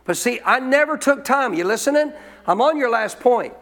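A man's voice: extremely high pitch, animated, moderate pace, a bit bright, big-room sound. A male pastor preaching a sermon in a conversational way, often asking the congregation questions.

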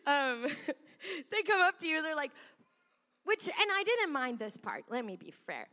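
A high-pitched middle-aged woman pastor tells stories from the pulpit in a chatty, animated way, laughing often. Her voice carries a long reverb from a large church sanctuary. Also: moderate pace. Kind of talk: sermon storytelling.

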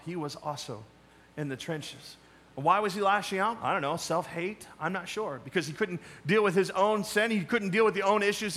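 A male pastor preaching a sermon, emphatic, moving between loud challenges and quiet asides. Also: high voice.

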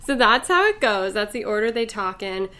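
A woman's voice: mid-range voice, big pitch swings, normal speed, pushed and bright. Giggly young woman chatting. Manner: laughs often, acts out quoted lines. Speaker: co-host. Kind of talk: casual chat.

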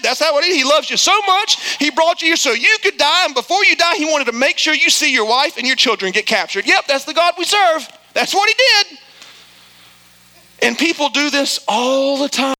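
A male pastor delivers an animated sermon in a very high, piercingly bright voice. He acts out the people he quotes and drops his voice low when he drives a point home. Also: moderate pace, poor audio.

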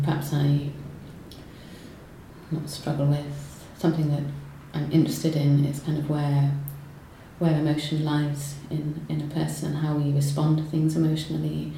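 A low, mellow-voiced woman speaks hesitantly, stopping and restarting as she explains her work, then reads poetry aloud. The room is strongly echoey, with faint noise behind her. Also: little pitch movement, normal speed, gravelly. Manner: hesitant, lots of ums and restarts when talking. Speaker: poet guest. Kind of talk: conversational interview and poetry reading. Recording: roomy echo, faint noise.

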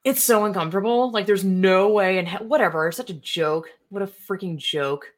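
A woman's voice: mid-range voice, moderate pace. A young woman giving casual, rambling commentary on online posts, indignant and profane, with many fillers. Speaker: political commentary streamer. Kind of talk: casual ranting commentary while browsing posts.

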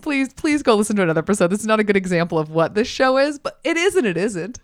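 In a studio-quality podcast recording with no echo, a woman co-host chats casually with a friend, laughing often and wandering into asides. Her mid-range voice is very animated and moves at a quick pace.

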